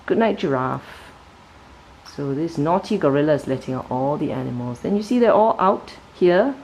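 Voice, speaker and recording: A woman with a low voice talks through a picture book page by page. Her delivery is animated and full of sudden pitch jumps on key words. She explains patiently and keeps checking in with the listener. A faint noise sits under her voice. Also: a little fast, poor audio. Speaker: children's book reviewer. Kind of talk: casual book flip-through review.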